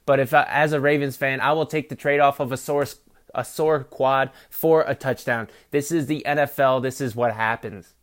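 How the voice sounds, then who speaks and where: Profane, rambling sports podcaster. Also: male voice, medium pitch, steady tone, normal speed. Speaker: podcast host. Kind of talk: casual sports commentary. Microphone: phone.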